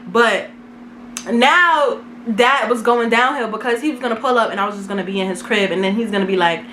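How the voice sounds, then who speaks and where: A young woman vlogger telling a casual storytime, animated and dramatic, full of slang. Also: a little high, brisk, slight background noise.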